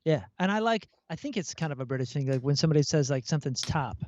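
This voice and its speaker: A man from the United States, a podcast guest, telling stories in an animated, casual way. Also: on the high side, fast. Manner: animated storyteller, acts out quoted voices. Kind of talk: casual chat. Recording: dull, dry lo-fi sound.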